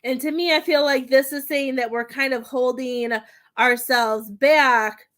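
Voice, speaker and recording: Higher-pitched woman giving a chatty tarot reading. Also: steady tone, a little slow, fairly bright tone. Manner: chatty, giggly, rambling with many fillers. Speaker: psychic medium. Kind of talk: live tarot and mediumship reading.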